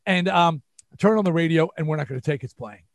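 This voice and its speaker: Animated older man with a New York accent. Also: on the high side, fast, vocal fry, no echo, clean studio sound. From New York area. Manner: animated, acts out quotes. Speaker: guest musician. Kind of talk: storytelling interview.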